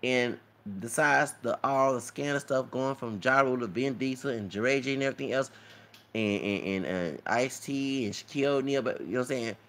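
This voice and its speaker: A man's voice: mid-range voice, fairly quick, a bit bright. A man talking in a rambling commentary vlog, lecturing and often asking "okay?" and "you know what I'm saying?". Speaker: YouTube commentator.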